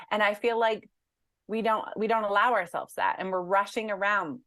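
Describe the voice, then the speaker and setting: A woman guest on an interview podcast talks in a chatty way, using many fillers and animated asides. Her pitch sits in the middle range. The recording is dry and close. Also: normal speed, dry recording. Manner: chatty, animated, full of "like" and "you know". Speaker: guest author. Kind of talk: casual interview conversation.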